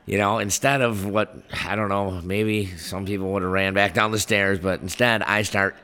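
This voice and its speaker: A man's voice: fairly low pitch, normal speed, clean tone. A man co-hosting a podcast in a tavern, telling a story in casual chat and laughing often as he goes. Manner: animated, laughs often through his story. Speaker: podcast co-host. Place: tavern where the podcast is recorded.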